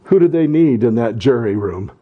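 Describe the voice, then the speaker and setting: A middle-aged male pastor delivers a fervent, repetitive sermon, swelling into loud exhortation and stumbling into restarts during asides. His mid-range voice has lively intonation and a breathy edge at normal speed, with phone-quality sound.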